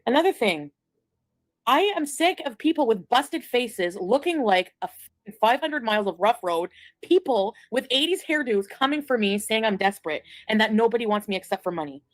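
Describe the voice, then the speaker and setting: A woman's voice: on the high side, expressive, normal speed, dry recording. A woman streamer in a played clip, talking crudely and defensively about herself.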